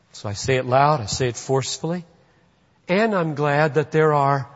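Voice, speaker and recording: A man's voice: on the high side, moderate pace. A man preaching a sermon as a pastor, earnest and building to fervent emphasis. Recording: dull, lo-fi recording in a reverberant hall.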